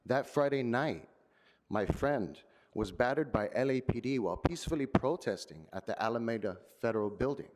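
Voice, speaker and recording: A man giving formal public comment at a city council meeting, earnest and measured like a prepared speech. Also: medium pitch, lively intonation, a little mellow.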